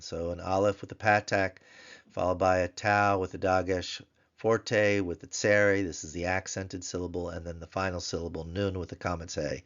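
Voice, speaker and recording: A man teaching a recorded grammar lesson, slowly repeating each word several times for drill. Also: deep voice, flat delivery, fairly bright tone. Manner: slow, repeats words for drill. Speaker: language teacher. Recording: dull lo-fi sound.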